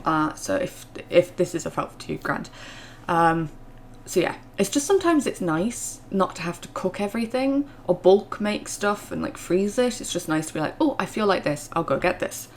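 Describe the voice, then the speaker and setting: A woman's voice: lowish voice, very animated, normal speed, a little hiss or hum. A young woman, chatting through a storytime vlog with lots of fillers, her voice rising when she gets indignant. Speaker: vlogger.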